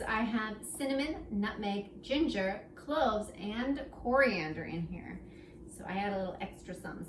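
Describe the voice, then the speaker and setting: A woman's voice: fairly high pitch, noisy background. Fields: Sex: woman. Role: playful baking show host. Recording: echoey kitchen, distant mic. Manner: playful, chatty, talks to her dough. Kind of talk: casual cooking tutorial. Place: home kitchen.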